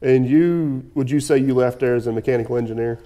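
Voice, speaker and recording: A man hosting a casual podcast, his voice mellow and dark as it hangs in a room with a long reverb. He talks in a rambling, sarcastic way, laughing at his own jabs. It sounds like an easy, unscripted chat among friends. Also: mid-range voice, a little fast. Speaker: podcast host.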